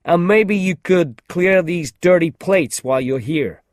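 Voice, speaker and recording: A man reading aloud voices a confident, careless male film star, loud and breezy. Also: high-pitched, unhurried, no echo, studio quality, voice pushed up.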